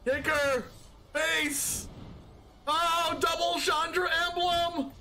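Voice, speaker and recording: A man streaming a card game, reacting with yelps, laughter and shouts as he plays. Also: very high voice, flat delivery, extremely slow. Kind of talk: excited gameplay commentary.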